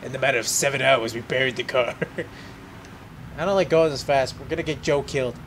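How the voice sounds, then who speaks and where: A man giving casual gameplay commentary, laughing a lot and yelling at the game. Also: medium pitch, fairly even intonation, normal speed, a little hiss or hum. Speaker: let's play gamer.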